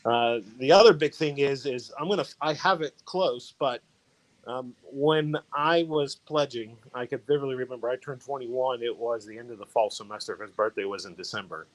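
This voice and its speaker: A man's voice: mid-range voice, normal speed, poor audio. Man, casual storytelling, rambling, lots of fillers, video call audio. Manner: rambling, many fillers and restarts. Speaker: fraternity brother sharing memories.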